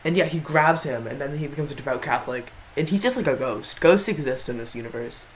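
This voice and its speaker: A man's voice: mid-range voice, expressive, fast talker, a little hiss or hum, poor audio. A man giving casual tier-list commentary in a rambling way, often stopping to correct himself. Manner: rambling, frequent self-corrections. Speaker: video creator.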